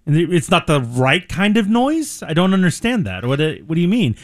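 A man's voice: high voice, sing-song, a little fast, no echo, studio quality. A man co-hosting a radio show, playing devil's advocate in mock-serious casual banter.

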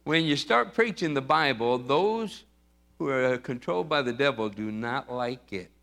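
Man preaching in church, bright forceful voice, hammers points over and over. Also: medium pitch, animated, unhurried, vocal fry. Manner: emphatic and repetitive, acting out Bible figures. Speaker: pastor. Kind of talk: sermon.

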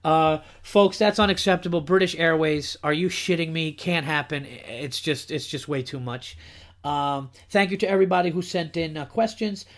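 A comedian hosting his own podcast, ranting with emphatic repetition. His voice sits fairly high for a man. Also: normal speed. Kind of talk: casual comedy podcast chat.

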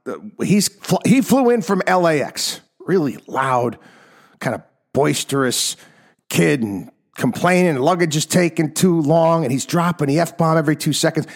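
A man hosting a talk program, ranting in an exasperated monologue that swings from loud outbursts to low mutters, in his fifties. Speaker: radio talk show host. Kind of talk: opinionated monologue.

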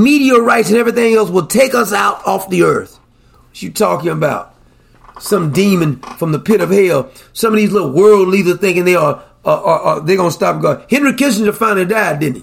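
A man preaching a fervent sermon, scolding and down to earth. He races through asides and then slows right down to stretch out his key words. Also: high voice, creaky, breathy edge. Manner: fervent, conversational, swings between fast asides and slow drawn-out emphasis.

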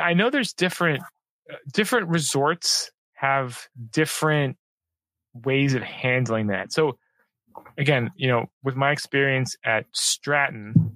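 Male podcast co-host, bright forceful tone, dry close sound, animated and opinionated casual chat. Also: medium pitch, a little slow, dry recording. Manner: animated, opinionated, enthusiastic about skiing.

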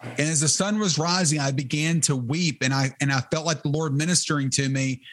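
A man's voice: a little high, a little fast, fairly bright tone. A middle-aged man giving an earnest, fervent testimony in an interview, often restarting his sentences. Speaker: interview guest, ministry leader. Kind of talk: testimony in conversation.

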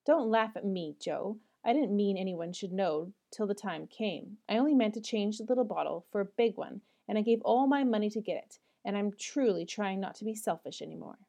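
A woman's voice: mid-range voice, lively intonation, brisk, creaky, hardly any pauses, warm tone. A woman reading aloud voices an earnest, slightly vain youngest girl explaining herself.

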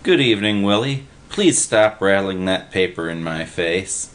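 A man's voice: low-pitched, expressive, unhurried, a bit bright. Male narrator as a patronizing park-bench drifter, drawling and worldly.

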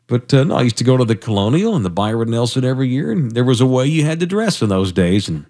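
A man hosting a sports radio show, bantering casually in a lively, joking, self-deprecating way. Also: mid-range voice, fast talker.

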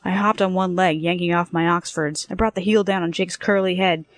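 A woman's voice: lowish voice, steady tone, brisk, creaky, dry recording. Woman narrating a story, dry sound. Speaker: audiobook narrator. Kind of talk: first-person story narration.

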